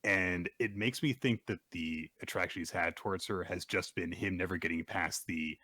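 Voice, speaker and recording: A man's voice: low voice, normal speed, pushed and bright, no room sound. A man co-hosting a casual podcast, recapping comic chapters with wry, amused commentary. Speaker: podcast co-host.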